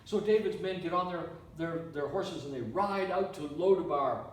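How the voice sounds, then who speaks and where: A man from Canada, a preacher telling a story in a sermon with animated, repetitive delivery. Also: fairly high pitch, normal speed. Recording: echoey room, mic from far off.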